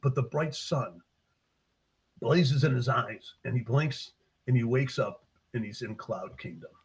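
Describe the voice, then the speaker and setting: In an unhurried, breathy, medium-pitched voice, an older man recounts the story of his book for a casual interview. He acts out the characters animatedly as he narrates, though the recording is low quality.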